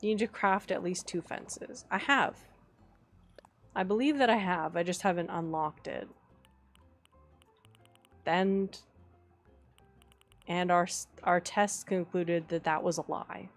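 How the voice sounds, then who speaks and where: A woman live streamer chatting casually over her game, talking to herself and her chat. She sounds playfully exasperated, swears in jest, and swings up into excited squeals. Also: on the low side, takes it slowly, pauses often, faint music behind.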